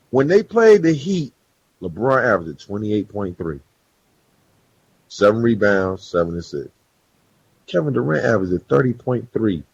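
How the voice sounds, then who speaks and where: A man with a husky voice argues sports on a podcast, reeling off stats in relaxed slang. His mic sounds dry and a bit muffled. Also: medium pitch, no echo. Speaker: podcast co-host. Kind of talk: casual sports chat.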